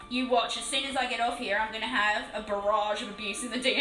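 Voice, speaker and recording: An Australian woman chatting casually on a live stream while painting a model, excitable and swearing freely. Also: a little high, fast, few pauses, roomy sound, faint music behind, low-quality recording.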